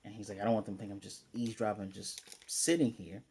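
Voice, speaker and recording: A man's voice: on the low side, steady tone, fast, a little mellow, slight background noise. Rambling man recapping an anime. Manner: rambling, acts out character lines in quotes. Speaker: anime reviewer. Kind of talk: casual recap and review.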